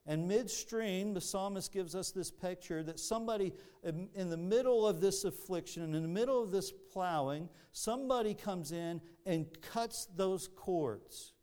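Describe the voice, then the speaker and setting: Earnest man preaching, smooth clear voice. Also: high voice, normal speed, hardly any pauses, warm tone. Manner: earnest, repeats words and restarts often. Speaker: pastor. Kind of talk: sermon.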